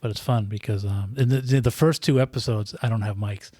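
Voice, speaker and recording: A man's voice: on the low side, steady tone, a little fast, mellow, dry recording. A man chatting casually on a podcast, rambling with many restarts and repeated words. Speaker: podcast guest. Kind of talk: casual chat. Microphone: podcast microphone close up.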